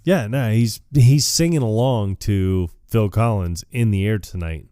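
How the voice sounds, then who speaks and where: A man co-hosting a podcast, recapping a movie in casual chat, laughing often and acting out lines in lively voices. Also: lowish voice, unhurried, clear, resonant tone, no room sound. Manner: laughs often, acts out quotes in animated voices. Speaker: podcast co-host.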